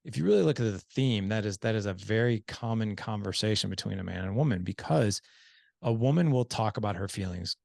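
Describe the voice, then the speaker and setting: Low gravelly man telling stories. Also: a little fast, dry recording, clean studio sound. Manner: animated storyteller who acts out quoted dialogue; earnest and explanatory, stresses key points. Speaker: podcast guest, fatherhood coach. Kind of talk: casual podcast conversation.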